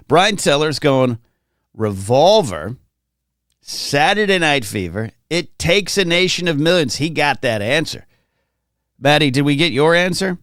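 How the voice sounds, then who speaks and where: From his home in California, a man hosts a casual morning livestream, rambling chattily and reading viewer comments aloud. His slightly high, somewhat bright voice has a sing-song, unhurried lilt, captured in studio quality with no room sound.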